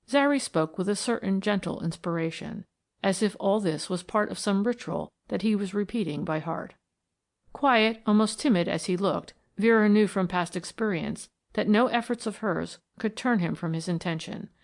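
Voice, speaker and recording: A woman narrating a mystery audiobook in a measured, even storytelling manner. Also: medium pitch, vocal fry. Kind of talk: scripted narration.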